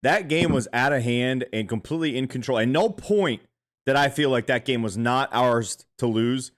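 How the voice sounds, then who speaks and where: A man co-hosting a sports podcast, talking in a casual, animated way with frequent swearing. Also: medium pitch, moderate pace. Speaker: podcast co-host.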